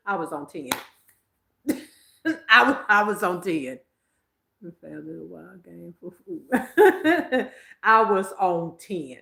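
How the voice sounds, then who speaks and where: A woman's voice: on the low side, big pitch swings, takes it slowly, gravelly, pauses often, pushed and bright, echoey room. A woman, hosting a psychic livestream in casual, emphatic chat, laughing often. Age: 50s.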